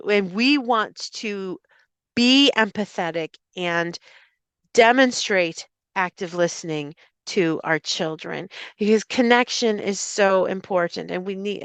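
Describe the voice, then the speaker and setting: A middle-aged woman with an Irish accent, a speech and language therapist giving a live talk to parents and educators, explaining clearly with frequent fillers and restarts. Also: lowish voice, a bit bright, no room sound. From Ireland. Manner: acts out example phrases in a lifted voice.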